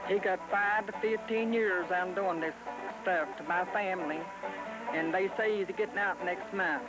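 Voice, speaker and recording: An older woman giving a steady, blunt account in a documentary interview. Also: mid-range voice, normal speed, over music, low-quality recording.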